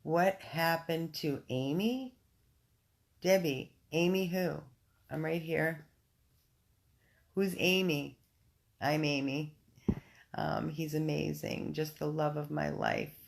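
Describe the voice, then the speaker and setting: Low, gravelly-voiced woman chatting on a livestream. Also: slow pace, long pauses. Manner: chatty and effusive, many ums and restarts. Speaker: dog rescue volunteer hosting a livestream. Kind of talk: casual livestream chat, reading viewer comments. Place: at home. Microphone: phone.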